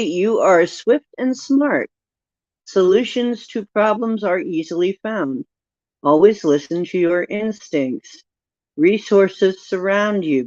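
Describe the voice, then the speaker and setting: This woman's fairly low, somewhat mellow voice is recorded dry and lo-fi, sounding dull. Hosting a laid-back live stream, she reads oracle cards aloud at a slow pace, teasing herself playfully and laughing along.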